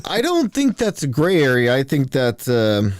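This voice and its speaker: A man's voice: mid-range voice, moderate pace. A man co-hosting a podcast, animatedly telling a funny story in casual banter. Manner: animated storyteller, reads texts aloud. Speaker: podcast co-host.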